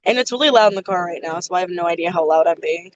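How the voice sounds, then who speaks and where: Sex: woman. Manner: loud, projecting casual talker. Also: lowish voice, rapid-fire, muffled recording. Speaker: livestream host. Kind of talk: casual chat. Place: inside a noisy car. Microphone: phone.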